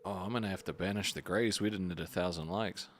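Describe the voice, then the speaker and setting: A man's voice: low voice, steady tone, fast talker, dry recording, clean studio sound. A man co-hosting a live stream in casual chat, thanking donors and swearing casually. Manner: reads super chats, swears casually. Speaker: stream co-host.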